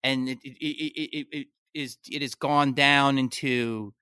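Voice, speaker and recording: A man, a comedian guest on a podcast, telling stories in a casual, animated way, swearing and jumping into high-pitched outbursts. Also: a little slow, clean tone, dry recording, studio quality.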